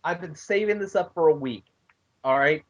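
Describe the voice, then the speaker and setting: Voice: medium pitch, normal speed. Podcast co-host, heated, profane, stammering restarts, muffled lo-fi call audio. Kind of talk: casual wrestling chat. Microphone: online voice call. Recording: lo-fi online call.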